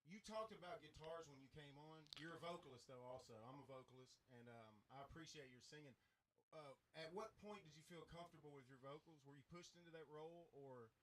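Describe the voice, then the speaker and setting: A man's voice: fairly high pitch, quick pace, a bit bright, a little hiss or hum, rough recording. A man hosting a casual music talk show, friendly and asking long questions. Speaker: host.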